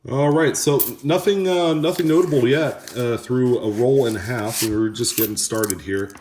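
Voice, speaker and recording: A man hosting a coin roll hunting video, chatting casually and haltingly to viewers as he sorts coins. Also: mid-range voice, a little mellow, slight background noise. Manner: rambling, halting, talks to viewers. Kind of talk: casual chat while sorting coins. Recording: echoey room with coin clinking.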